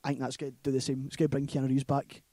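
A Scottish man co-hosts a casual movie chat as a podcast host, retelling a film plot in a loose, rambling way packed with "like" and "right?". His voice is medium-pitched, monotone, warm and racing, with no room sound.

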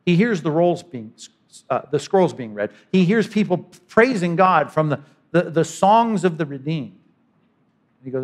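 A man delivers a sermon from the pulpit. His voice sits a little high for a man, and he moves between punchy emphasis and quiet, intimate asides. He often slips into the voices of imagined people. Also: animated, moderate pace. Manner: dynamic preaching, voices imagined speakers, sudden drops to quiet. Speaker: pastor.

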